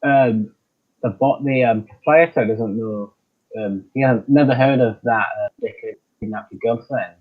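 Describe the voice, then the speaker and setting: A man's voice: medium pitch, moderate pace, narrow, tinny audio. A man playing a tabletop game, talking casually and hesitantly with lots of ums. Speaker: player.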